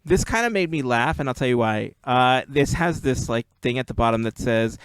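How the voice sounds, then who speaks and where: A man's voice: medium pitch, lively intonation, clear, resonant tone, dry recording. A man hosting a podcast, chatting casually and telling stories with easy laughs. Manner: chatty, laughs easily, drawn-out storytelling. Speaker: podcast host. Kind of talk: casual chat.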